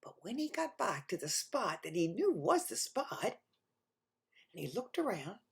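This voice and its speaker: A woman storyteller telling a folktale to children, animated and talking to them directly, swinging from loud to hushed. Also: medium pitch, measured pace, gravelly, breathy edge.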